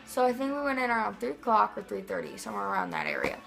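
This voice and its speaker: A young woman from Missouri telling a rambling, excitable vlog story, full of "like" and "um". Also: mid-range voice, quick pace, vocal fry, poor audio. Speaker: vlogger.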